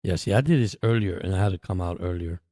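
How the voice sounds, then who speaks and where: A man hosting a livestream, chatting casually and getting excited as he reacts to a football game. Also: low voice, quick pace, no room sound, clean studio sound. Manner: chatty, excitable during plays. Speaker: livestream host. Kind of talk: casual live game commentary.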